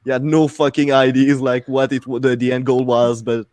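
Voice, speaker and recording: A man's voice: mid-range voice, flat delivery, moderate pace, darkish tone, dry recording. A man in casual podcast chat, blunt and dry, swearing often.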